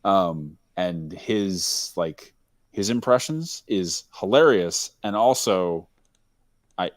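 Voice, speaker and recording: A Texan man with a very deep, low voice talks in a loose, rambling way and laughs often. The sound is dry and close, with no room around it. He is chatting casually on a call. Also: animated, takes it slowly, dry recording. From Texas. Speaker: game developer and host.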